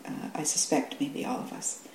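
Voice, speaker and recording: A middle-aged woman giving a dharma talk, halting often with restarts and fillers and laughing easily. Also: a little mellow. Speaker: dharma teacher. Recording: echoey room with faint hum.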